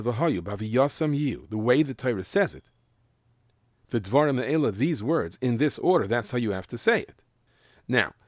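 In clean studio sound with no room noise, a mid-range male voice teaches Mishnah. This Torah teacher works through the text carefully, blending English with Hebrew and Yiddish terms and giving close attention to how each word is pronounced.

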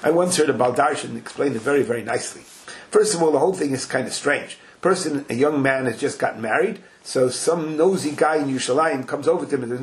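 A man with a somewhat high, gravelly voice leads a Talmud class. He is animated, acts out the quoted dialogue, and weaves Hebrew and Yiddish terms into his English. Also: brisk. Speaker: Torah class teacher.

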